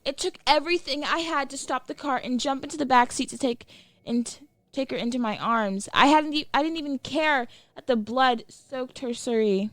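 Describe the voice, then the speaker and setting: A woman giving a slow, emotional and dramatic reading of a scripted horror story. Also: high voice, a bit bright, dry recording, studio quality. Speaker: narrator.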